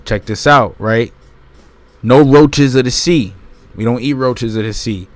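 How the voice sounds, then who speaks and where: A man's voice: medium pitch, a little slow, no echo. A man hosting his channel, reading a book aloud and breaking off into casual, emphatic commentary that repeats points and keeps asking his listeners "right?". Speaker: channel host.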